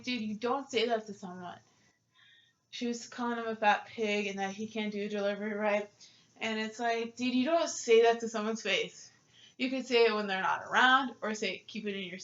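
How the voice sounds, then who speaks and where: A woman's voice: mid-range voice, a bit bright, muffled recording. A young woman ranting to camera about her job, frustrated and swearing, with many filler ums. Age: young adult. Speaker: vlogger. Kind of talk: casual rant to camera.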